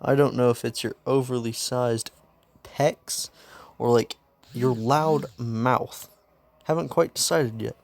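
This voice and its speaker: A man doing a deadpan armored teen hero. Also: mid-range voice, slow pace, creaky, no echo. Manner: flat, dry, sarcastic. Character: deadpan armored teenage boy hero, aloof.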